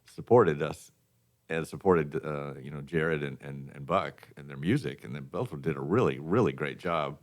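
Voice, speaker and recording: A man who has lost some of his voice, telling stories in a relaxed, chuckling way as a guest on a morning radio talk show. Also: very deep voice, normal speed. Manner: relaxed storytelling, chuckles often. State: hoarse from losing his voice. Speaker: guest from a charity foundation. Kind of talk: casual radio chat. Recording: radio studio.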